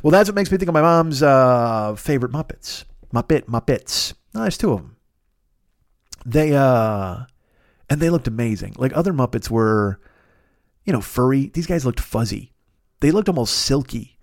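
A man's voice: mid-range voice, expressive, moderate pace, no room sound, studio quality. A middle-aged man hosting a comedy podcast, rambling through a story with lots of swearing and silly noises. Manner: rambling, profane, with goofy sound effects and voices. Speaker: podcast host. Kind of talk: casual comic monologue.

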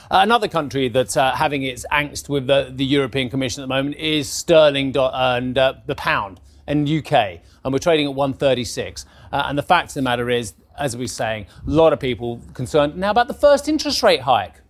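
A man's voice: mid-range voice, animated, normal speed. A middle-aged man presenting live markets news, chatty and theatrical, speaking straight to viewers.

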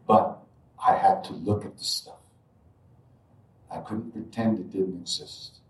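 A man with a lowish voice tells a personal spiritual story to a gathered audience, in an earnest, conversational way, with many fillers. His voice often drops away to near quiet. The sound is roomy and picked up from some distance, as in a large room. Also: measured pace. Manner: frequent fillers like "like" and "you know". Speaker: speaker telling a personal story.

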